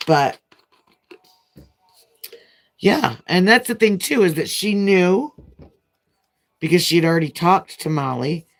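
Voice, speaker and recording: A woman's voice: on the low side, animated, slow pace, long pauses. A woman chatting casually as a nail vlogger while she does her nails, telling a long, frank, rambling story.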